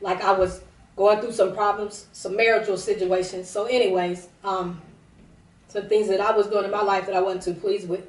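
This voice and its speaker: The woman, a prophetess on a service broadcast, is teary as she rambles through her testimony with repeated restarts. She speaks in a flat, mid-range voice at a moderate pace, and the mic is far off in a roomy space.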